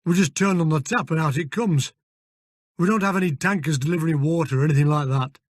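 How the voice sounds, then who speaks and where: Gruff northern stables boss, blunt and curt, pitched up, as a male reader puts him on, dry close sound. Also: quick pace, dry recording, natural voice. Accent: northern English.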